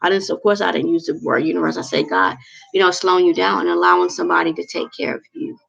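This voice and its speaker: A woman's voice: fairly low pitch, fast talker, gravelly, fairly bright tone. A woman hosting a livestream, giving heartfelt, preachy advice to her viewers in a casual talk. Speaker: livestream host. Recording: dull lo-fi recording.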